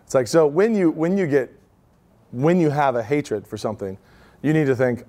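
This man's voice is fairly high and mellow, moving at normal speed. In his thirties, he's speaking at a live event, giving an informal talk and telling stories conversationally with many asides.

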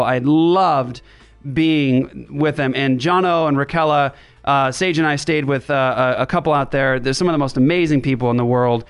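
A man hosting a casual chat show from a makeshift studio, talking in an animated, rambling way with many restarts and fillers. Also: mid-range voice, clean tone. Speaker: podcast host. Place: makeshift studio in a writers' room.

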